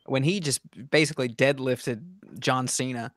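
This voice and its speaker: Podcast guy, average pitch, dry jokes and quick one-liners. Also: steady tone, a bit bright. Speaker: podcast co-host. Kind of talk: casual chat about wrestling.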